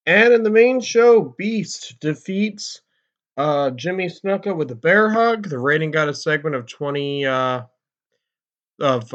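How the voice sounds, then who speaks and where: A man with a slightly higher voice recaps a wrestling management game as casual commentary. He rambles, fills gaps with "uh" and corrects himself mid-sentence. The recording sounds muffled and lo-fi. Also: a bit bright. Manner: rambling, many fillers and self-corrections. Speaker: let's-play commentator.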